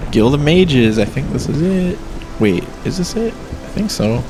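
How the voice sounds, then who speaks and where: A man's voice: fairly high pitch, expressive, a little slow, music in the background. A man casually rambling to himself as he plays a video game and records his commentary. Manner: rambling, self-talk while playing. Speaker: let's play host.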